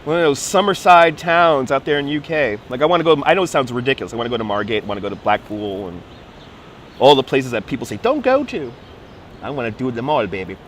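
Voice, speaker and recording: Speaking quickly in a mid-range, slightly bright voice, a man guides a livestream tour through a city park, chatting playfully into the phone he holds and drifting into put-on accents. There's slight background noise.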